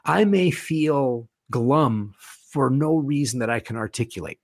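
A man chatting enthusiastically as a guest, animated, with casual swearing. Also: medium pitch, unhurried, no room sound, studio quality. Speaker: guest, horror author and podcast host. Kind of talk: casual conversation.

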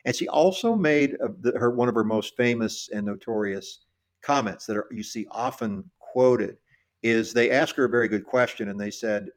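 A middle-aged man co-hosting a podcast, telling a history story in a casual, halting way with many restarts and repeated words. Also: mid-range voice. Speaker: podcast co-host.

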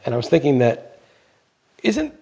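A man with a husky, slightly breathy voice talks through a casual podcast conversation. He speaks bluntly and swears freely, and his rants grow heated as he goes. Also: medium pitch, huge pitch swings, moderate pace, dark tone. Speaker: podcast co-host. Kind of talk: casual opinion chat.

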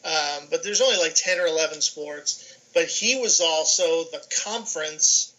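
A middle-aged man from New York, a guest on a video call, telling lively stories and acting out the dialogue in them. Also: fairly high pitch, moderate pace, highs cut off. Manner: animated, acts out dialogue in his anecdotes. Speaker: guest, sports information director. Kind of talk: casual storytelling on a podcast.

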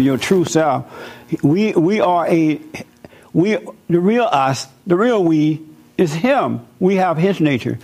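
A man's voice: fairly high pitch, darkish tone. A man giving an informal sermon in a conversational, folksy way, telling personal stories.

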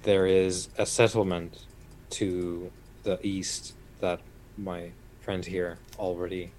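A man's voice: low voice, a little mellow, slight background noise. A man playing a tabletop game in character, speaking in a formal, diplomatic way. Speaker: player. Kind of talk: in-character role-play.

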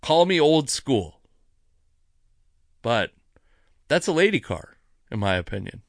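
Male podcast host, mid-pitched, loose profane storyteller, close dry mic. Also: slow, dry recording. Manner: animated, profane, rambling with asides. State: sipping wine. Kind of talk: casual storytelling monologue.

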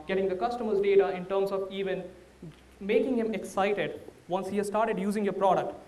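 A man's voice: high voice, darkish tone, reverberant, distant mic. A man with an Indian accent, a startup founder giving a candid, anecdote-filled talk to an audience. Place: large room before a live audience.

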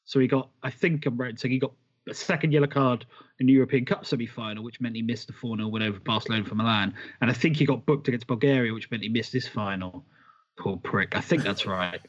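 A man co-hosting a football podcast, talking quickly in an animated way and swearing casually. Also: mid-range voice, muffled recording. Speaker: podcast co-host.

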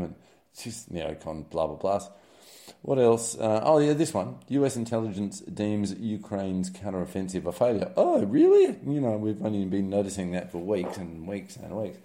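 Male host, low mellow voice, rambling sarcastic news roundup. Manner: wry, sarcastic, filler-heavy rambling. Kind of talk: casual spoken news roundup.

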